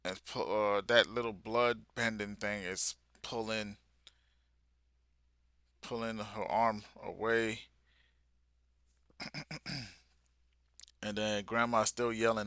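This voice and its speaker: A young man hosting a live manga reaction, reading aloud and reacting in excited, slangy casual talk. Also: on the low side, slow, long pauses, clean tone, dry recording, clean studio sound. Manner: excited, slangy, talks along while reading.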